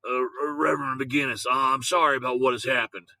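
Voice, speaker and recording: A man's voice: medium pitch, fairly even intonation, brisk, pushed and bright, no echo, poor audio. A man doing a hesitant, plain-spoken farmer dad. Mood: apologetic.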